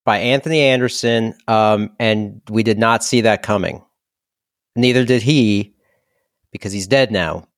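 A man co-hosting a comedy podcast, retelling movie scenes with animated storytelling. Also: fairly low pitch, a little slow, no room sound, clean studio sound. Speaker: podcast co-host. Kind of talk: casual comedic chat about movies.

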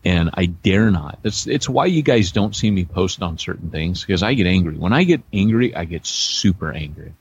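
A middle-aged man co-hosting a casual podcast, his voice low and husky. He tells rambling, self-deprecating stories full of restarts and asides. The audio is dull and lo-fi. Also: expressive, moderate pace, few pauses. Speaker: podcast co-host, church planter.

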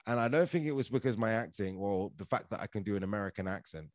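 A man's voice: on the low side, fast talker, no echo. Chatty man telling stories. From London, England. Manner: chatty, animated, filler-heavy with "like" and "right?". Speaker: podcast guest, actor and comedian. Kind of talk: casual storytelling.

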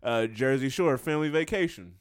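Lively, playful male podcast co-host. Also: mid-range voice, a little fast, dry recording, clean studio sound. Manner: playful, reads nominee lists, laughs often. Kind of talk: casual podcast chat.

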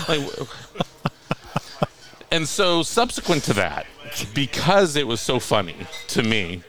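A man's voice: medium pitch, very animated, measured pace, long pauses, pushed and bright, soft background music. Wry, laughing man telling stories. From Coachella Valley, California. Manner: wry, mocking storyteller who laughs often. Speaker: guest author. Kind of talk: casual podcast chat, storytelling.

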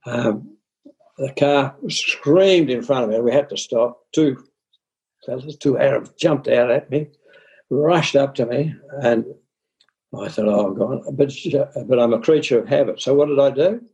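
An older man being interviewed, telling stories from his time running cricket, halting and full of restarts. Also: mid-range voice, darkish tone, husky, dull audio. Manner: halting, with many restarts and fillers. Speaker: interviewee, former cricket administrator. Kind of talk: anecdotal storytelling in interview.

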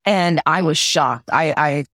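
A woman from Southern California, a conductor, telling a personal story in an interview, earnest and halting, repeating words when moved. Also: deep voice, a bit bright, no room sound. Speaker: guest, orchestra conductor.

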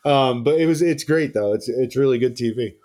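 This male podcast host talks briskly at a medium pitch, rambling and swearing through a casual chat. He tells his stories in an animated way.

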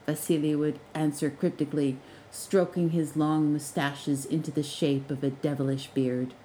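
A woman narrating a fiction podcast in an expressive, measured storytelling voice. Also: sits low, poor audio.

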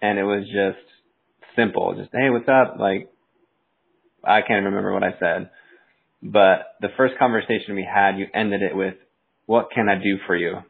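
A man's voice: lowish voice, fairly even intonation, normal speed, gravelly, long pauses, breathy edge. A man hosting a podcast, laid-back and casual, calling his guest "dude". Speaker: podcast host. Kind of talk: casual interview chat. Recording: tinny phone-like line.

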